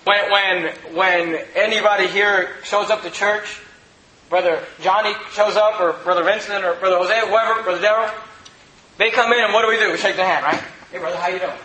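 A male pastor preaching a sermon, emphatic and full of rhetorical questions, rising to shouts at the peaks. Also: high voice, fairly even intonation, normal speed, crowd noise. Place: church sanctuary. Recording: echoey church room.

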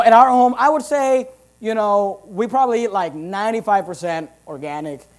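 High-voiced man preaching emphatically. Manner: emphatic, punchy preaching with big loud swings. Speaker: pastor. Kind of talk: sermon.

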